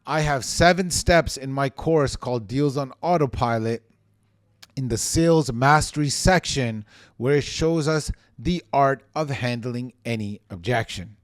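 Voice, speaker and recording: Man, real estate sales coach, energetic, emphatic, ranting, dry close sound, mid pitch. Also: unhurried, no room sound. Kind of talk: motivational teaching monologue.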